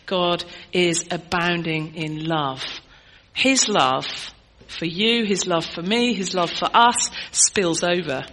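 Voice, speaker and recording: Middle-aged woman preacher, bright clear voice, chatty teaching sermon style. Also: fairly low pitch, expressive, slow, low-quality recording. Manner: conversational, teaching, asks the congregation questions.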